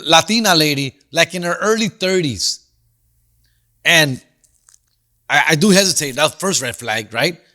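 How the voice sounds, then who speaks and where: A man's voice: sits high, bright, forceful tone. A man hosting a comedy podcast, telling a story in a slangy, profane, casual way. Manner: answers listener questions.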